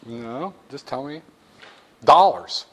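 A man's voice: mid-range voice, lively intonation, slow pace, a bit bright, slight background noise. A man giving a classroom finance lecture, wry and joking, acting out little scenes for his students.

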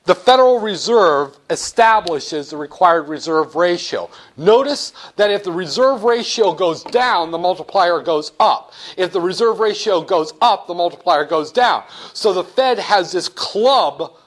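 Lively high-voiced male lecturer. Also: measured pace, few pauses. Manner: animated, joking, acts out dialogues with students. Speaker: economics lecturer. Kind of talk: classroom lecture.

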